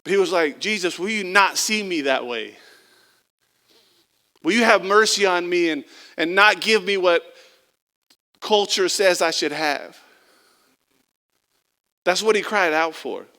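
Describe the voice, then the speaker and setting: A man preaching with a high, bright voice that carries well. He talks to the congregation in a conversational way, building to loud, driving emphasis and then dropping to quiet, low passages. He acts out the people in his story in a casual voice. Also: a little slow, pauses often, in a large hall. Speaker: pastor. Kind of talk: sermon.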